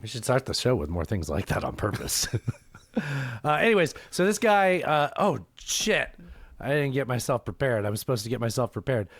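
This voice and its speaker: A man's voice: mid-range voice, sing-song, normal speed, no echo. Rambling joking male podcast host. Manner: rambling, joking, laughs often. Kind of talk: casual chat.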